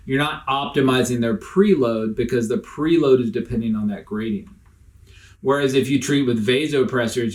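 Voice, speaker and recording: A man's voice: mid-range voice, darkish tone. A man explaining critical care medicine in a recorded lecture over slides, casual and explanatory, with frequent fillers.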